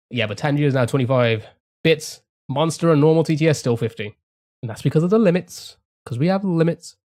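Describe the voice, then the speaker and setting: A man's voice: medium pitch, a little mellow. A man rambling casually to his live-stream chat, swearing freely and restarting his sentences often. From England.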